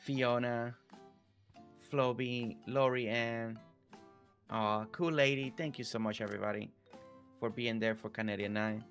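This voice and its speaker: A man's voice: mid-range voice, steady tone, a little slow, long pauses, soft background music. A man live-streaming a farming game, chatting casually with his viewers and thanking them by name. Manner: friendly, reads chat aloud, warm thanks to viewers.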